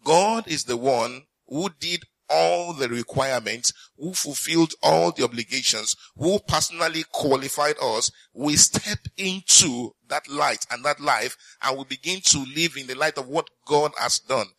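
Preacher, bright, call-and-response sermon. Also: male voice, on the high side, gravelly, dry recording, rough recording. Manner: reads scripture slowly and deliberately. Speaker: pastor.

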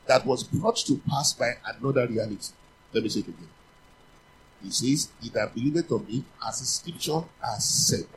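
A man preaching a sermon, teaching from scripture, asking the congregation questions and repeating key phrases, building to louder, faster urging. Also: medium pitch, a little hiss or hum, low-quality recording.

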